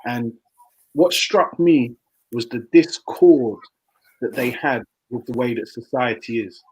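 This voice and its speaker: A man speaking in a measured, encouraging, reflective way while leading a casual discussion. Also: medium pitch, darkish tone, breathy edge, poor audio.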